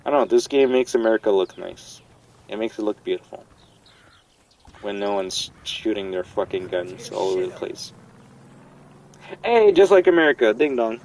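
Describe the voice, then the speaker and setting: Gravelly, rambling young gaming streamer. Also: male voice, fairly low pitch, expressive, normal speed, pauses often, darkish tone, distant mic, slight background noise, rough recording. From Canada. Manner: rambling, swears freely. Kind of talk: casual gameplay commentary.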